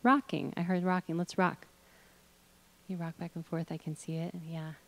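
A woman's voice: fairly low pitch, flat delivery, moderate pace. A middle-aged woman leading an audience through voice exercises, encouraging them and demonstrating with hums, chants and sung notes. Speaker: workshop leader.

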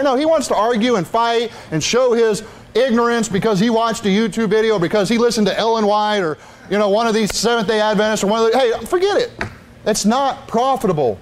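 Middle-aged male preacher, high-pitched, emphatic sermon delivery with frequent asides. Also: brisk.

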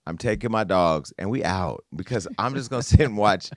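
A man's voice: lowish voice, animated, a little fast, no echo. Sassy man hosting gossip talk, dry sound. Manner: sassy, playful, talks straight to the audience. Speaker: host. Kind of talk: casual commentary on celebrity news and politics.

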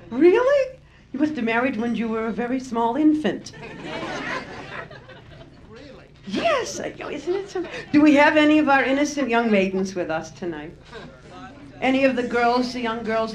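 A middle-aged woman doing a brassy, teasing stand-up routine, chatting with her audience. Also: on the high side. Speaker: stand-up comedian. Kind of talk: live bawdy stand-up routine. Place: nightclub stage with a laughing crowd. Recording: roomy live club recording, audience laughter.

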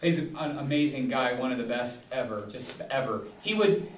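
Leading a Bible study, a pastor speaks at normal speed in a medium-pitched voice, his casual teaching talk full of digressions, restarts, and fillers. Recorded from a distant mic in an echoey room, the clip has slight background noise.

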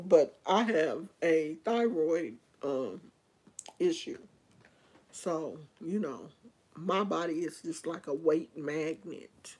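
Woman vlogger, lower voice, unhurried and rambling; casual, opinionated chat to camera. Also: warm tone, husky.

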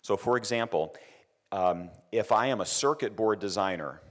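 A man's voice: on the low side, normal speed. A middle-aged man giving an engineering lecture, telling a personal story with repeated words and acted quotes. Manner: anecdotal, repeats words, quotes others in raised voice.

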